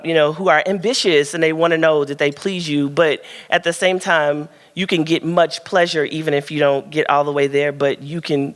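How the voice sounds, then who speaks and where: A woman's voice: deep voice, fairly bright tone, in a large hall. A woman author answering audience questions at her book launch. She talks frankly and chattily, often laughing, and fills her stories with ums and likes. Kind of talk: candid Q&A at a live book event. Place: event room at a book launch.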